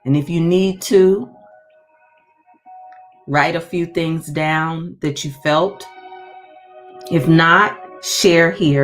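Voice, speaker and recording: Woman meditation guide, low-pitched, unhurried, soothing, faint music behind. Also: steady tone. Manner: slow, soothing, repetitive encouragement. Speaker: meditation leader.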